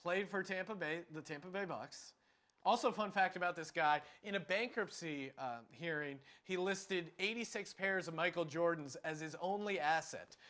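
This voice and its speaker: A man's voice: high-pitched, a bit bright. A man hosting a comedic late-night sports talk show in a studio, joking and laughing as he runs a quiz. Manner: jokey, quick, laughing quiz-master delivery. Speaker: host.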